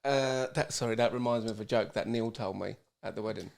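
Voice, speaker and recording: A man's voice: on the low side, quick pace, gravelly, darkish tone. A young man co-hosting a podcast, telling rambling, sweary stories in casual banter and laughing often. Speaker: podcast co-host.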